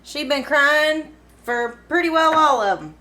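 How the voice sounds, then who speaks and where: A woman's voice: high-pitched, expressive, slow, bright, forceful tone, poor audio. A woman with a Kentucky accent, chatting and giggling casually as she cooks in her home kitchen for a cooking vlog. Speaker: cooking vlogger.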